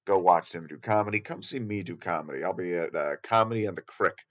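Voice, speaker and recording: A man's voice: low voice, quick pace, highs cut off. A man hosting a podcast, plugging his shows in an offhand, joking way. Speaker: podcast host. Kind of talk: outro promo.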